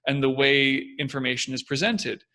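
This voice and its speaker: A young man co-hosting a casual talk, explaining ideas in an animated way and acting out confident and hesitant voices. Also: mid-range voice, normal speed. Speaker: podcast co-host. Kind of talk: casual discussion.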